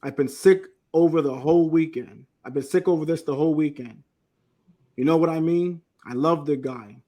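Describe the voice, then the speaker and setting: Host with a slightly high voice. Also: male voice, moderate pace, warm tone. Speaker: podcast host. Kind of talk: reading transcript quotes aloud.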